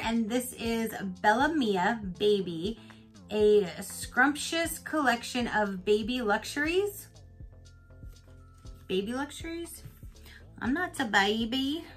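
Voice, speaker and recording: Chatty, giggly woman unboxer with a bright, slightly high voice; faint music underneath. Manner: chatty and giggly, retells stories with lots of laughter. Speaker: unboxing vlogger. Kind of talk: casual unboxing chat. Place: home in Florida.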